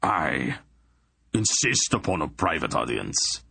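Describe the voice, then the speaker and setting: A man playing a pompous, blustering high priest who speaks with haughty indignation. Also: very animated, slow pace, gravelly, pushed and bright, breathy edge, no room sound, heavily acted. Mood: indignant.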